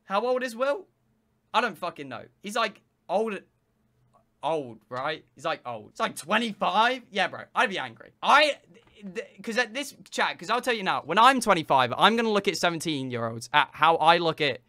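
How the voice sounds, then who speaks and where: A seventeen-year-old male streamer telling his chat a story in a rambling, excitable way, with lots of fillers and swearing. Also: high-pitched, normal speed.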